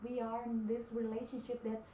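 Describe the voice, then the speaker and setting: A woman whose first language is Portuguese gives an earnest devotional talk in English, often pausing and searching for words. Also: fairly high pitch, monotone, mellow, roomy sound, slight background noise, rough recording. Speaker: Christian vlogger.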